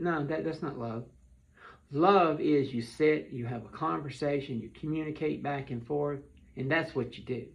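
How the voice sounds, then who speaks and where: A man speaks earnestly to his viewers in a pleading, heartfelt monologue, stumbling and repeating words as he goes. His voice sits a little high and has a gravelly edge. The recording sounds dull and lo-fi. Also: moderate pace. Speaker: vlogger. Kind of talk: earnest direct-to-camera monologue.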